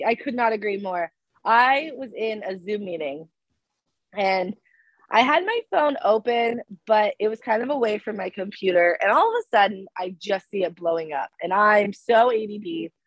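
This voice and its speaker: A young woman co-hosting a podcast in casual chat, telling stories excitedly with a slightly hoarse voice that keeps cracking because she is sick. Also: medium pitch, normal speed, no echo, rough recording. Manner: excitable storyteller, gushing and animated. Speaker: podcast co-host.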